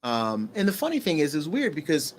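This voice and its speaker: A middle-aged man appears as a guest on an interview show, telling a personal story haltingly with restarts and fillers and growing quieter at the heavy moments. His voice is on the high side with huge pitch swings.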